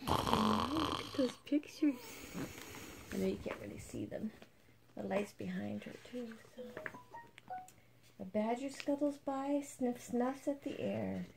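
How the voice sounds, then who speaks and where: An older woman reads a picture book to her grandchild at an unhurried pace, her voice gravelly with fry. She is gentle and soft, slipping into quiet asides between the lines, with a faint hiss behind her. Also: a little high. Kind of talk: reading a picture book aloud.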